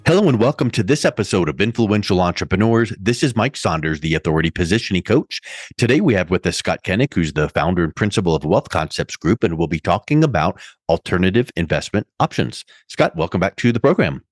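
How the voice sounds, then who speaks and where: Male podcast host, very low voice, dry sound, relaxed conversational delivery with analogies. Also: a little fast, no echo. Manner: conversational, uses analogies, some fillers. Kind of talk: podcast interview.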